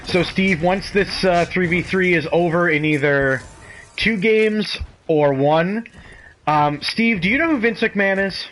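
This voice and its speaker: Casual streamer, young man, bright voice, unhurried chat. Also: high voice, faint music behind, rough recording. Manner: laughs often, chatty and playful.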